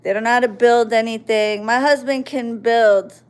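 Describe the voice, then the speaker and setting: A woman's voice: a little high, fairly even intonation, moderate pace, clean tone. A woman in her forties, a livestream host, angrily ranting at commenters in a profane, confrontational and mocking way. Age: 40s.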